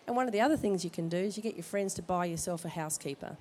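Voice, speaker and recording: A woman's voice: fairly low pitch, rapid-fire, a little mellow, slight background noise. Chatty woman with a cold. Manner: chatty, jokey, direct advice. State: has a cold. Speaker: midwife speaker at a baby expo. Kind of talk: informal talk to expectant parents. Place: expo hall.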